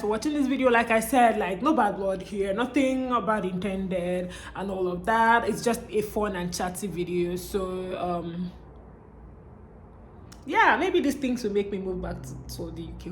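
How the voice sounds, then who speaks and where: A woman's voice: medium pitch, slight background noise. A young woman with a Nigerian accent, talking casually to her viewers in a chatty vlog and often tagging her lines with "okay?". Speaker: vlogger.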